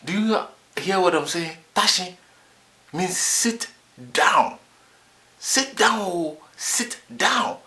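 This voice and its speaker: Guy doing a jokey word lesson, says everything over and over, slow and kinda high. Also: pushed and bright. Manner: boastful, repeats words in drills. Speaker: vlogger teaching words. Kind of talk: comic language lesson.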